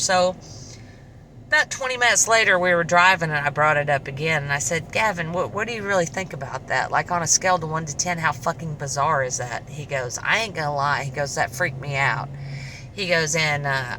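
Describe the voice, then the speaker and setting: A middle-aged woman casually telling a personal story to camera, chatty and animated, acting out the dialogue. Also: low-pitched, fairly quick, noisy background. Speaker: vlogger.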